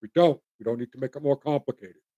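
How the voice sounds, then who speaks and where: A man's voice: medium pitch, quick pace, warm tone, muffled recording. A middle-aged man from Canada hosting his own show, rambling bluntly and folksily as he talks straight to his viewers. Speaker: host. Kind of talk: opinionated solo commentary.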